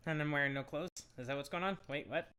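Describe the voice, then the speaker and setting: A man playing a tabletop role-playing game, speaking softly and with hesitation. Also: fairly high pitch, fast. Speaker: player.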